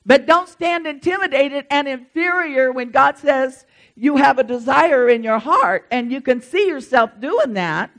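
A woman preaching a sermon in church, swinging between hushed asides and loud emphatic lines. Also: sits high, expressive, a little slow, low-quality recording.

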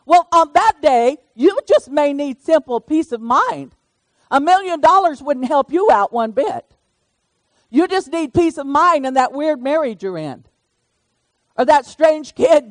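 A woman's voice: high-pitched, no room sound. An older woman preaching a sermon in a folksy, conversational way, calling on listeners by name.

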